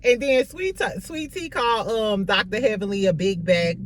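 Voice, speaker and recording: A woman's voice: mid-range voice, normal speed, a little hiss or hum. A woman recapping a reality show in a casual, gossipy way, swearing freely and laughing as she tells it. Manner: gossipy, profane, animated storytelling with laughs.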